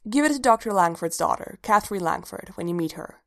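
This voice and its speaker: A woman voicing a composed, gently mysterious woman leader who speaks in a calm, measured and quietly firm way, in a storybook reading. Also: lowish voice.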